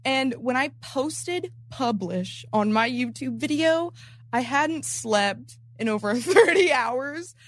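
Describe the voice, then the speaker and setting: High-voiced young woman telling a story. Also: slow. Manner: animated, laughing, quoting herself; slangy and profane. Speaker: content creator. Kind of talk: casual storytelling.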